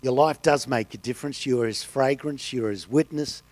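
A man's voice: medium pitch, a little fast, no room sound. A man preaching a sermon, telling stories and delivering quotes with emphasis. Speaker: pastor.

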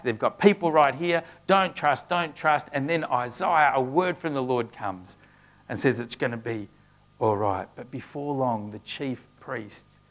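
A man's voice: mid-range voice, fairly bright tone. A man preaching a sermon, earnest, with frequent restarts as he works through a scripture passage.

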